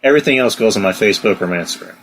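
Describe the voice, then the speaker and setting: Male co-host, low voice, rambling casual chat, faint noise behind. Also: expressive, very fast, a bit bright. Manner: rambling, lots of "you know". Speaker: podcast co-host.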